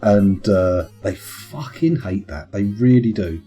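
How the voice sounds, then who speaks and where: A man's voice: on the low side, expressive, takes it slowly, dark tone, faint music behind. A man with children, chatting casually and rambling into punning tangents while streaming a game. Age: adult with children. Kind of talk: casual live-stream commentary.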